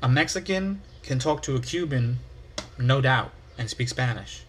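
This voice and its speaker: A man's voice: mid-range voice, expressive, normal speed, a little hiss or hum. A man from the United States hosting his own podcast, rambling casually, swearing and making fun of himself. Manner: rambling, profane, self-mocking. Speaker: podcast host.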